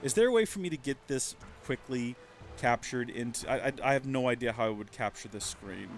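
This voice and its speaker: A man's voice: mid-range voice, lively intonation, brisk, faint music behind. Chatty rambling streamer guy. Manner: chatty, rambling, self-mocking. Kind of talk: casual let's-play commentary.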